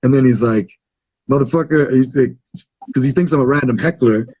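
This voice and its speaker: A man's voice: mid-range voice, brisk, darkish tone, husky, dry recording, muffled recording. A man with an Irish accent telling a profane, laid-back story as a guest in a casual chat.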